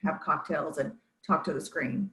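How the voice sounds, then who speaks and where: Woman on a panel, lowish voice, casual, quick. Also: fairly even intonation, bright, forceful tone, poor audio. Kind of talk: panel discussion.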